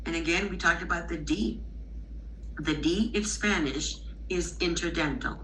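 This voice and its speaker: A woman giving a recorded lecture to teachers. She explains clearly, models sounds aloud, and checks in with rhetorical questions. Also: deep voice, moderate pace, a bit bright, slight background noise, low-quality recording. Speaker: instructor for teachers of bilingual children.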